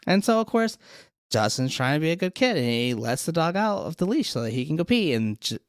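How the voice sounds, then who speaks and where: A man with a fairly high, clean-toned voice recaps a TV episode on his podcast, switching into quick, animated voices for the characters. It's a dry recording with clean studio sound.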